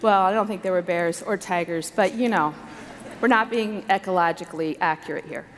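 A woman's fairly low voice moves a little fast as she preaches a heartfelt sermon packed with stories and repeated emphasis to a women's conference. It's a live recording from a large conference hall with long reverb and a little hiss or hum.

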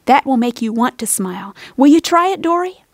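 A woman voicing a kind, caring schoolteacher in a storybook reading, gentle and reassuring. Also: sits high, very animated, brisk, gravelly, no echo, clean studio sound, exaggerated voice.

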